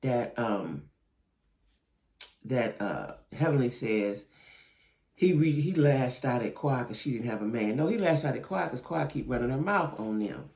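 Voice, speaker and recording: A man's voice: medium pitch, very animated, unhurried, creaky, darkish tone. A man giving casual, opinionated video commentary on a reality show, talking straight to his viewers and often checking in with them. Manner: chatty, opinionated, keeps asking "right?" and "you know what I'm saying?"; talks straight to viewers as "y'all".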